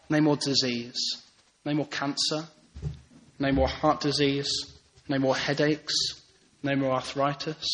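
A man preaching a sermon in a church, speaking earnestly, repeating key phrases and softening to a hush on tender lines. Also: medium pitch, poor audio. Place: church hall.

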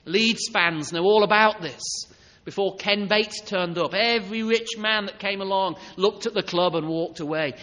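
A man delivers a sermon in a church, his voice sitting high for a man and sounding bright and forceful. He swings between loud, pressing emphasis and quiet, close asides. A long hall reverb trails behind every phrase. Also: moderate pace. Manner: emphatic, rising and falling between loud urging and soft intimacy. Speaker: preacher.

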